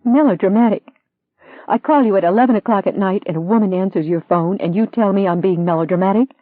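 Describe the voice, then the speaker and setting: A reader voicing a young woman lawyer, heated and pleading, in a higher-pitched voice. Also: expressive, measured pace, no echo. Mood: hysterical. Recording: dry tinny phone-like sound.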